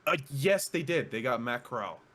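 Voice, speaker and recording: A young man co-hosting a sports podcast in casual chat, dry and sarcastic, often answering with short low remarks. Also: animated, normal speed, bright, forceful tone. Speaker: podcast co-host.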